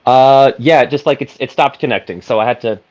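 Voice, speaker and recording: A man's voice: mid-range voice, a little fast, a little mellow. A man co-hosting a casual podcast over phone earbuds, talking loosely with plenty of fillers. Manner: loose, filler-heavy talk. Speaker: podcast co-host. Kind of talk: casual chat. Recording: dull phone-earbud audio.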